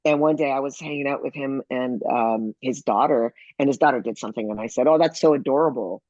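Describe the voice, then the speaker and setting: A man speaking as a podcast guest, telling personal stories in a lively way and acting out the people he quotes. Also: medium pitch, a little fast, no room sound, dull audio. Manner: animated, acts out quoted people. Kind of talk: conversational storytelling.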